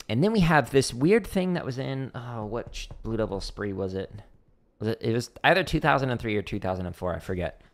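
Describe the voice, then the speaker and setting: A man's voice: fairly low pitch, background noise. A man giving a casual drum lesson on a practice stream, talking through rhythms and singing them out with syllables. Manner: sings out rhythms with vocal syllables; relaxed, thinking aloud with fillers. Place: home practice room. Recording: loud drumming and clicks behind the voice.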